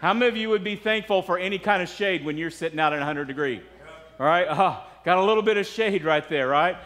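A man's voice: high-pitched, fast talker, fairly bright tone. A man preaching a sermon as pastor, talking conversationally and putting rhetorical questions to the congregation. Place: church sanctuary. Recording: long reverb of a church hall.

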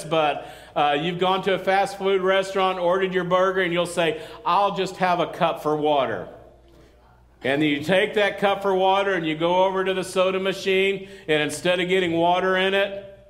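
High-voiced pastor preaching casually. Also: male voice, fairly even intonation, brisk, fairly bright tone. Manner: conversational, joking asides, calls for amen. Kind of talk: sermon.

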